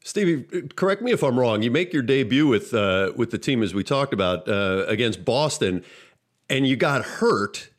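Lively-voiced male interviewer. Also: medium pitch, normal speed. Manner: conversational, checks facts with the guest. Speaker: interviewer, co-host. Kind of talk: interview questions.

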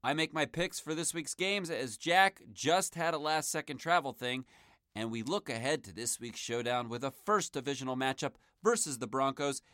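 A man's voice: medium pitch, a bit bright, clear, resonant tone, dry recording, clean studio sound. A man in his thirties hosting a solo sports podcast, talking in an enthusiastic, chatty way. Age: 30s.

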